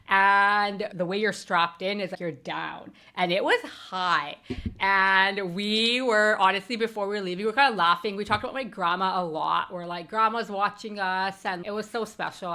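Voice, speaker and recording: A woman podcast host telling a personal story in a candid, emotional monologue, swearing freely and moving between quiet, heavy moments and bright ones. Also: medium pitch, normal speed.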